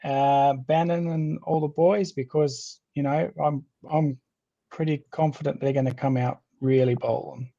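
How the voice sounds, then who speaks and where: An Australian man co-hosting a casual sports podcast, jokey and laughing often, with relaxed slang. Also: a little high, measured pace, creaky. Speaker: podcast co-host. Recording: slightly dull lo-fi sound.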